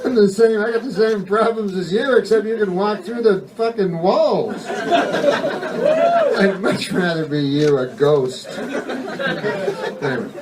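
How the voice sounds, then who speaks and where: A man doing a stand-up comedy set on a club stage, rambling in a deadpan way and swearing a lot. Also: sits high, slow, long pauses, over a noisy crowd. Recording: distant mic, noisy live recording.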